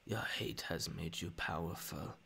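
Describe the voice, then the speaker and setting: A sinister old Sith emperor, as a male streamer voices him, speaking deep, quiet and drawn-out. The voice is gravelly and rasping. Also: full character voice. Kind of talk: voice impression on a live stream.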